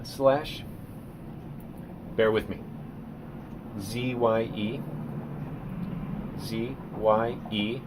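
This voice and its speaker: A man's voice: fairly low pitch, steady tone, extremely slow, pauses often, noisy background. A man, a painter, rambling through a live-stream monologue at his desk, theatrical and self-mocking, breaking into rants and reading aloud.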